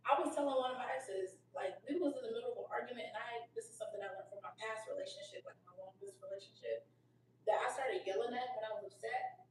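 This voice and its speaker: A woman's voice: a little high, fast. A woman hosting a casual couch chat, telling stories candidly and animatedly, with slang. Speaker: host. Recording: roomy, distant mic with faint hum.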